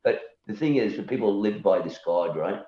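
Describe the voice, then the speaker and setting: Rambling low-voiced man on a video call. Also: expressive, normal speed. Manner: rambling, repeats words, keeps asking "you know?"; argues his point and challenges beliefs. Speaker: guest, musician. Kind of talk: casual conversation. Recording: echoey room, dull lo-fi sound.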